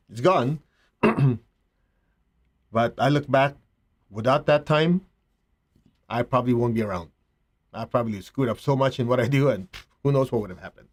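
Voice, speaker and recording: Middle-aged guy teaching a spiritual lesson, slow and thoughtful, mid pitch, talks to the listener directly. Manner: slow, reflective, with rhetorical asides. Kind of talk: spiritual talk.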